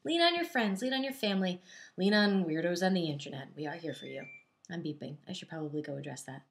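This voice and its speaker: A young woman who advocates for diabetes awareness talks to the camera candidly and casually in a medium-pitched voice at a fast clip. She breaks into animated asides in which she quotes herself.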